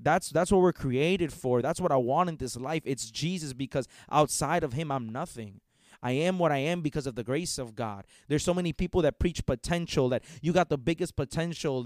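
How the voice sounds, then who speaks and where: A man's voice: a little high, no echo, studio quality. A man hosting a podcast, preaching in a fervent, repetitive monologue full of restarts. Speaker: podcast host.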